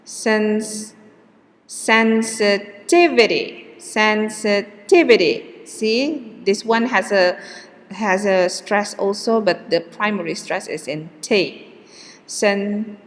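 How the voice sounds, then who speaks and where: A woman leads a pronunciation lesson at a very slow, deliberate pace, drawing out each example word so the stressed syllable stands out. Her voice sits in a middle register, and a long reverb trails after her words as if she were in a large, hard-walled room. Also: mid-range voice. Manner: slow, drawn-out model words with hesitant fillers. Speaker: English teacher.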